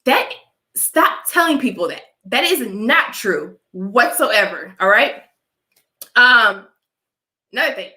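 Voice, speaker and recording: A woman's voice: fairly high pitch, sharp tone, echoey room, low-quality recording. A young adult woman with a dry cough from allergies, preaching her opinions to live chat and often asking "all right?". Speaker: vlogger talking to live chat. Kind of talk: casual opinion livestream.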